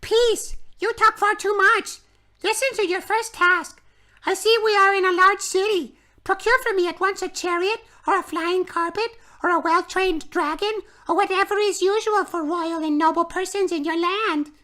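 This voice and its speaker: A man's voice: extremely high pitch, fairly even intonation, moderate pace, sharp tone, voice pushed up. A man voicing a cruel, imperious witch queen in a storybook read-aloud, speaking scornfully and with command.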